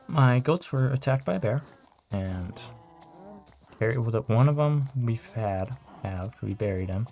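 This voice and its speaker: Young man rambling through a shaken story, gravelly. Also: mid-range voice, darkish tone. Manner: rambling, swears a lot, trailing fillers. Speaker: vlogger. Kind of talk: casual storytelling.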